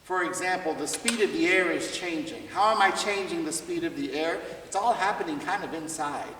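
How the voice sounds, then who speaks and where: In a school hall or music room, a jazz trumpet clinician speaks at normal speed in a fairly high, sharp voice, captured from far away with echo and a little hiss or hum. He teaches conversationally, laughing often and asking the students questions.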